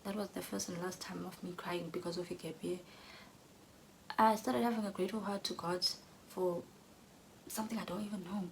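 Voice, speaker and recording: A young woman telling an earnest personal story, often dropping to a soft whisper. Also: on the low side, fairly even intonation, brisk, gravelly, pauses often, slight background noise, low-quality recording. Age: young adult. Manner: earnest, drops to soft whispers when emotional.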